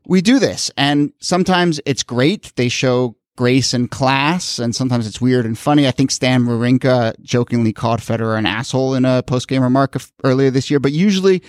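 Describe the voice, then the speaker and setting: An earnest man co-hosting a podcast and talking through his opinion with feeling. His voice sits at an ordinary middle pitch, recorded close and dry with no room sound. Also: moderate pace, few pauses, dry recording. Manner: earnest, animated, emotional. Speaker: podcast co-host. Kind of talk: casual podcast commentary.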